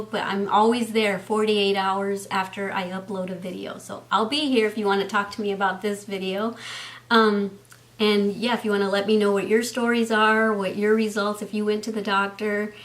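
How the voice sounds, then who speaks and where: A woman, chatting heartfelt to camera at home with frequent "um" fillers. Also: mid-range voice. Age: 50s. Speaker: beauty and health vlogger. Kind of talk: casual chat to camera.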